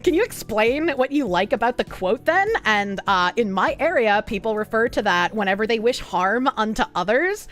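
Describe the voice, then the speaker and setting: A woman streamer chatting casually and crudely, sarcastic and quick to laugh. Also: a little high, lively intonation, a bit bright. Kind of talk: casual livestream chat.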